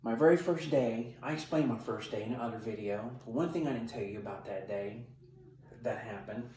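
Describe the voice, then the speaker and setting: A middle-aged corrections sergeant gives blunt, emphatic training advice straight to camera in a tough-talking, instructional way. His voice is medium-pitched, warm, and moderately paced, recorded with a distant mic in a roomy space.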